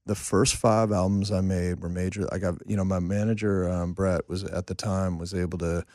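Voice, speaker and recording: A man in his fifties, a songwriter and producer, telling animated, self-deprecating stories in a casual interview. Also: low voice, moderate pace, dry recording, studio quality. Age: 50s. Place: home studio room.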